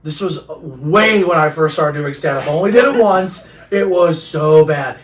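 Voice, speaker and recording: A man's voice: fairly high pitch, animated, measured pace. A man who does stand-up, co-hosting a comedy podcast and telling rambling, goofy stories. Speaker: podcast co-host, stand-up comic. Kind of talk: casual comedic chat. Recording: roomy sound, mic at a distance.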